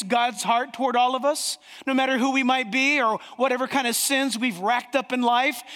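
A pastor preaches with emphatic, dramatic pauses, his voice pitched very high and bright. The sound carries a long reverb from a large hall. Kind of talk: sermon.

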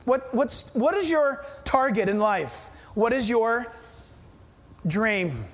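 A man preaching a sermon with a strikingly high voice that swings widely up and down. He presses his points with rhetorical questions and sudden hushed asides. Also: lively intonation, slow pace. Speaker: pastor.

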